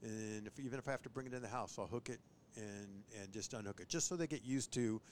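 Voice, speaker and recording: Animated man talking dog training. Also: fast, slight background noise. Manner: animated, mimics owners and dogs in a high voice. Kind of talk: casual podcast chat.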